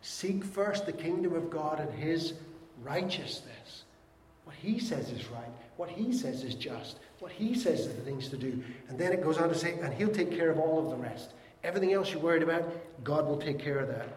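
A man preaches to his congregation with earnest warmth, sometimes dropping to a hush on key phrases and sometimes slipping in a light joke. His voice sits a little high for a man. The sound rings around a large, echoing church hall. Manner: earnest preaching, dropping soft on key words, jokey asides. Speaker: pastor. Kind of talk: sermon.

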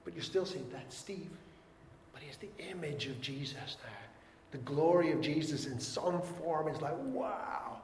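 A man preaches to his congregation with earnest warmth, sometimes dropping to a hush on key phrases and sometimes slipping in a light joke. His voice sits a little high for a man. The sound rings around a large, echoing church hall. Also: moderate pace, a little hiss or hum. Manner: earnest preaching, dropping soft on key words, jokey asides. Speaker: pastor. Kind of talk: sermon.

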